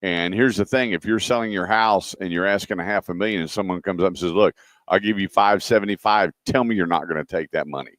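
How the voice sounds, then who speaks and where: A man's voice: low-pitched, fast talker, a bit bright, no room sound, studio quality. A man hosting a radio talk show, telling stories and acting out callers in a casual chat. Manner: storytelling, acts out callers' voices.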